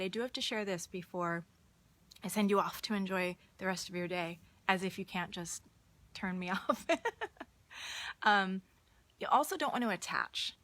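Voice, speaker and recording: An earnest woman talks straight to her viewers in a casual, encouraging tone. She tells personal stories at an easy pace, her pitch sitting in an ordinary middle range, and she often repeats a word as she restarts a thought. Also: no room sound. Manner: earnest, warm-hearted, restarts words, storytelling. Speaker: motivational speaker hosting a live stream. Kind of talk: casual motivational talk.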